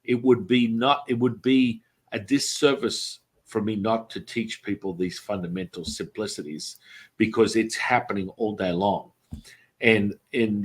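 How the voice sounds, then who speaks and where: A man's voice: fairly low pitch, slightly rough. A man guest telling street hypnosis stories in a casual chat, acting out quotes in other voices. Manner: animated, acts out quotes in many voices.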